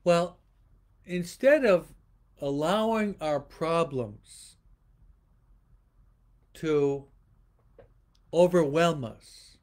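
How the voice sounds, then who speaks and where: Male priest, homily, slightly high voice, very slow unhurried delivery, repeated rhetorical questions, frequent pauses and restarts. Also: animated, a little mellow. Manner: pauses and restarts often, speaking to online viewers. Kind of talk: livestreamed homily.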